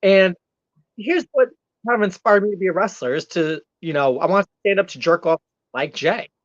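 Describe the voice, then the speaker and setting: A man's voice: high-pitched, moderate pace, no room sound, lightly acted. A man playing a brash, arrogant male heel wrestler persona as a guest on a talk show, ranting and taunting in character. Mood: cocky. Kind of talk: in-character comedic rant. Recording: dull, dry lo-fi sound.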